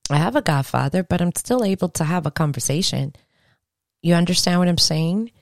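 Low-voiced, lively woman podcaster. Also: a little fast, gravelly. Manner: lively, earnest, rambling with restarts. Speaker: podcast host. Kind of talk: casual podcast monologue.

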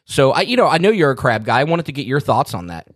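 A man's voice: mid-range voice, sing-song, quick pace, no echo, studio quality. Teasing, easygoing male podcast host. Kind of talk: casual chat.

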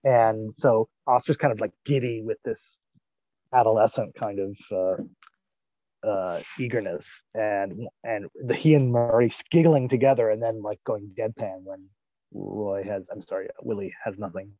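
A man's voice: fairly low pitch, unhurried, dark tone, dry recording, lo-fi sound. A man co-hosting a podcast, musing chattily about a TV episode. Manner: chatty, musing, with frequent restarts. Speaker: podcast co-host. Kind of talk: casual chat, TV episode discussion.

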